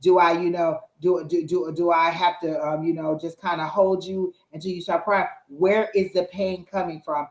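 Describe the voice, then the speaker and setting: A woman's voice: on the low side, level tone, moderate pace, few pauses, a little mellow, echoey room, poor audio. A woman tarot reader giving earnest, repetitive spiritual advice in a casual live reading.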